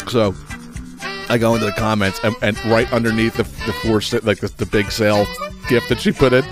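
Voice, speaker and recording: A man's voice: on the low side, fairly even intonation, fairly quick, over music. Profane rambling male podcast host. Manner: profane, rambling, stammering repeats. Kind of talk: casual solo podcast monologue.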